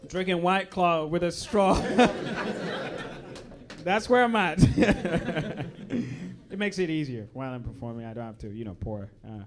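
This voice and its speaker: A young adult man from Uganda, doing a chatty, playful stand-up set in a comedy club and often dropping low for asides. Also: expressive, a little slow, a crowd in the background.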